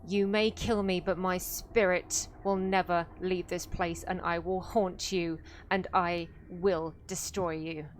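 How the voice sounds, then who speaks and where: A woman's voice: on the low side, flat delivery, slow, few pauses, slight background noise. A woman voicing a defiant, doomed female knight who swears a vengeful curse.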